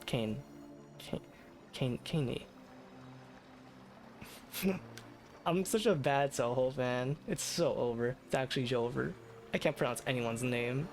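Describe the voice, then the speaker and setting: Over soft background music, a male VTuber streamer talks slowly at medium pitch, leaving long pauses. It is a late-night casual stream chat, rambling and self-deprecating, with plenty of fillers and restarts.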